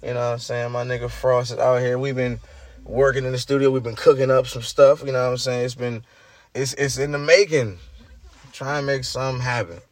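A man with a hoarse, groggy voice, hosting his own show and telling a story in casual chat, swinging between loud hype and murmurs. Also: mid-range voice, fairly even intonation, fairly quick, no echo. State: hoarse, lost voice. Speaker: show host.

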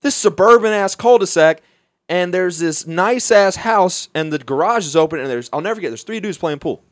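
A young man from Alabama telling a wild story in casual talk, profane and animated, often laughing. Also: high voice, a little fast, no echo, clean studio sound.

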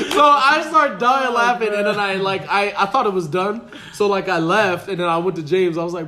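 A man's voice: high voice, moderate pace, noisy background. A man on a casual podcast, telling a story with lots of laughter and acted-out quotes. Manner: animated, laughs often, acts out quotes. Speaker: podcast guest.

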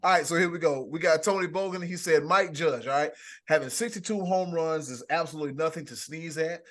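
A man hosting a casual sports podcast, excitable and quick to laugh, reading listener messages aloud. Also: a little high. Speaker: podcast host.

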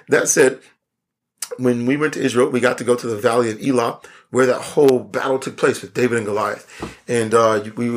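Young male preacher, conversational sermon, animated, wanders into asides. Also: mid-range voice. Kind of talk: casual sermon.

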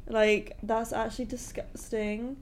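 A woman's voice: fairly high pitch, measured pace. Blunt, sweary woman podcast co-host. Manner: blunt, swears freely, animated. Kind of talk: casual chat.

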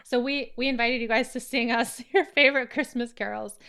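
A woman's voice: on the high side, steady tone, brisk, a bit bright, clear, resonant tone. A woman hosting a podcast in casual chat, playful and teasing. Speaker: podcast host.

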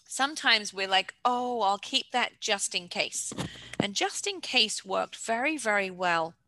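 A middle-aged woman coaching an online class on home organizing, giving brisk, practical instructions and answering questions, with some throat clearing. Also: mid-range voice, bright, forceful tone, dry recording, rough recording. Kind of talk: informal online lecture with questions.

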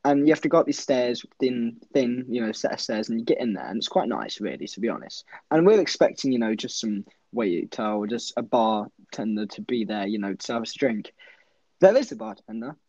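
A man's voice: mid-range voice, expressive, fairly quick, darkish tone, dry recording. A young man from the of England, co-hosting a podcast, telling stories in a rambling, casual way and laughing often. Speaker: podcast co-host. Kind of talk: casual storytelling chat. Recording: dull lo-fi dry recording.

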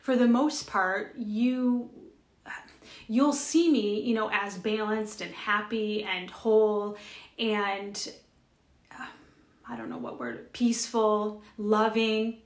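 A woman's voice: medium pitch, steady tone, slow pace. Earnest woman sharing, echoey room. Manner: earnest, rambling storytelling with many restarts. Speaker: podcast co-host. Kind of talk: spiritual casual chat.

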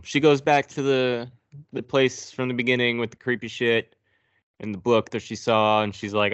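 Podcast host, man, low smooth voice, sarcastic scene-by-scene movie recap, dry sound. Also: normal speed, a bit bright, dry recording, dull audio. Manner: sarcastic, profane, narrating scenes.

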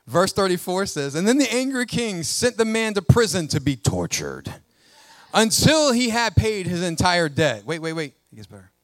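Male pastor, high and expressive, reads scripture with asides to the church. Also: moderate pace, no echo, studio quality. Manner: animated preaching with call-outs to the congregation; reads scripture aloud and comments between verses. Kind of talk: sermon.

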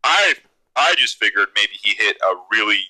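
A man's voice: fairly low pitch, normal speed, rough recording. A man co-hosting a casual podcast chat, joking dryly. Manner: dry, jokey, lively. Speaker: podcast co-host.

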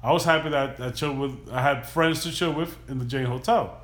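A man's voice: medium pitch, brisk. A man casually telling a long story on a podcast, loose and profane, acting out the people in it. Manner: loose, profane, animated retelling. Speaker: podcast host. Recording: echoey room.

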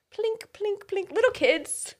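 Middle-aged woman, high and very lively pitch, animated storyteller who laughs a lot; casual chat. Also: slow.

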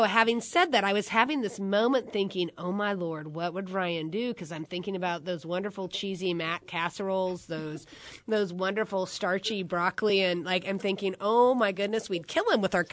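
A woman's voice: medium pitch, fairly bright tone, no room sound. A woman hosting a talk show, asking questions in a chatty, folksy, joking manner. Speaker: host. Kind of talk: casual talk show interview.

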